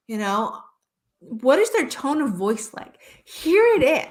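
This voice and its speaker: A woman's voice: high-pitched, very animated, slow. A woman hypnotherapist speaking as a guest in a live-stream conversation, earnest and passionate, often restarting her sentences.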